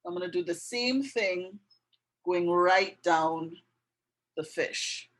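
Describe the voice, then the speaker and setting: A woman with a slightly low voice talks slowly through a drawing lesson. She describes each step gently as she works. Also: poor audio. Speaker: art tutor. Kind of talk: casual drawing tutorial. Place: indoors with passing road traffic.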